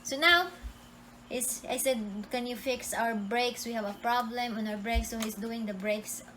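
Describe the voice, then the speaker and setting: Animated woman storyteller. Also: fairly high pitch, moderate pace, a little hiss or hum. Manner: animated, restarting sentences, acts out quotes loudly. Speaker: co-host. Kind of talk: casual storytelling.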